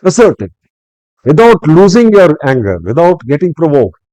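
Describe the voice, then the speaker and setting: Animated older Indian-accented man telling stories. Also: a little high, moderate pace, dry recording, rough recording. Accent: Indian English. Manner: animated, acts out angry quotes, lecturing. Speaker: retired civil servant guest. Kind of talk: storytelling in a podcast interview.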